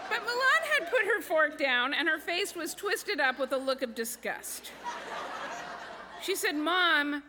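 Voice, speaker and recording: A woman's voice: sits high, sing-song, a little slow. A woman telling a comic personal story on stage, with a wry, self-mocking delivery. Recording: reverberant hall with background noise.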